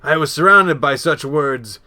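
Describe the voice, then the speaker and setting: Man playing a scared lonely orphan girl, bright tone, slow halting read. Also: a little high, lively intonation, soft background music, full character voice. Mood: despairing. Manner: halting, restarts on words while reading. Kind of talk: reading a story game aloud in character.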